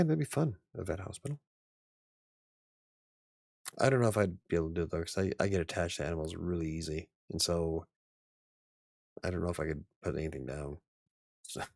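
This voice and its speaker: A man's voice: low-pitched, vocal fry, darkish tone, no echo, clean studio sound. A man in his forties hosting a casual live stream, rambling and chuckling often. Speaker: channel host.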